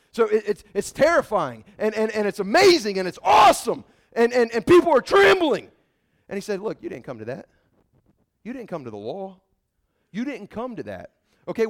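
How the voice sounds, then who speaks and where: A man preaching a sermon in a casual, folksy way, emphatic and animated, swinging between loud outbursts and quiet asides. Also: sits high. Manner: casual folksy phrasing with many restarts.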